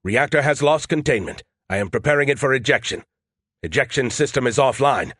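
Calm shipboard AI, clipped reports, voiced by a male narrator. Dry studio read. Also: mid-range voice, a little fast, husky, no room sound. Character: calm artificial intelligence running a starship.

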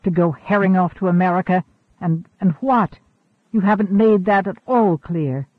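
A man's voice: sits high, normal speed, dry recording. A man reading the part of a lovesick young man under thirty who speaks in a pleading, stammering, desperate way. The recording is tinny and narrow-band.

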